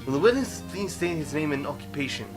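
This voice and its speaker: A man's voice: a little high, lively intonation, fast, music in the background, natural voice. A man voicing a fussy older judge who speaks formally and fumbles his words in a video game playthrough.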